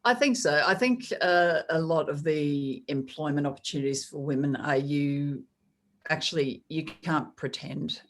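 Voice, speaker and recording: Middle-aged Australian woman, sports commentator, unusually deep voice, measured reflective delivery. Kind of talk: podcast interview.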